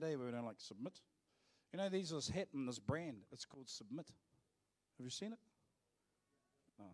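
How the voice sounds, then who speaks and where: New man preaching with emphasis. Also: mid-range voice. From New Zealand. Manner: emphatic preaching, turns to joking asides with the congregation. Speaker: pastor. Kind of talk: sermon. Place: church service, live.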